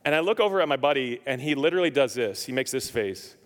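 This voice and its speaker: A male pastor delivers a sermon in a church, with a long reverb trailing his voice. He speaks at a middle pitch, tells stories with humor and acts out both sides of a conversation. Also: lively intonation, fast talker. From lived in Nevada, now Indiana. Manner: storytelling, acts out dialogue, jokes with congregation.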